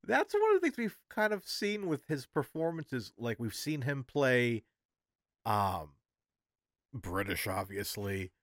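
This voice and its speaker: A man's voice: medium pitch, sing-song, takes it slowly, a bit bright, dry recording, clean studio sound. A man co-hosting a podcast in casual chat, rambling and searching for his words. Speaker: podcast co-host.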